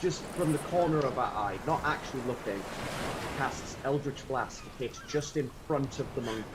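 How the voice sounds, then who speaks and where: A man playing a tabletop game, describing his character's actions in a measured way. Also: medium pitch, heavy background noise. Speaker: player.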